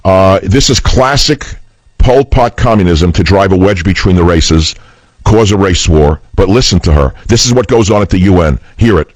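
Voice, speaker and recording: A man's voice: deep voice, expressive, moderate pace, no echo, low-quality recording. A man hosting political talk radio, speaking in a combative, scornful and emphatic way.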